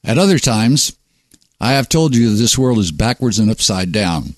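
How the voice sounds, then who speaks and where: A man's voice: fairly low pitch, very animated, moderate pace, dry recording. Male host, sardonic and preachy monologue, dry close-miked sound. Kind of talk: reading a monologue.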